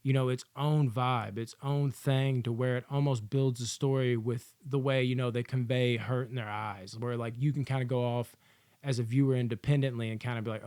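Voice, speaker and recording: A man's voice: mid-range voice, fairly even intonation, normal speed, darkish tone, smooth, no echo. A man giving a casual, rambling movie review, swearing freely and filling his talk with "like" and "you know.". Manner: rambling, profane, candid, lots of fillers.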